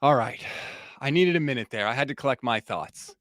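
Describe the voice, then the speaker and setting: A man's voice: mid-range voice, expressive, normal speed, a bit bright, no room sound, studio quality. A man hosting a sports podcast, delivering a heated, fired-up post-game reaction rant.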